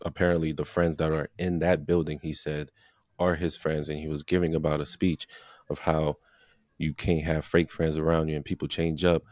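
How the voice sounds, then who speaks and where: A man's voice: very deep voice, little pitch movement, moderate pace, darkish tone, no room sound, studio quality. A man co-hosting a podcast, teasing and slangy in casual chat. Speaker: podcast co-host.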